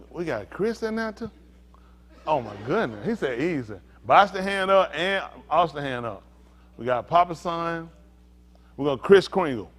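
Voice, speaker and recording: Animated preacher man, lively high voice. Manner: animated, calls out to listeners, laughs and shouts at times; casual vernacular, asks "y'all understand?". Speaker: pastor. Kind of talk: interactive sermon teaching.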